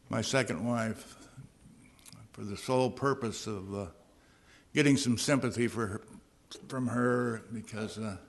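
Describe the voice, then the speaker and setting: A middle-aged man telling his personal recovery story from a podium, earnest and at times wry. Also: mid-range voice. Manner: earnest storytelling with dry humor. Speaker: recovery meeting speaker.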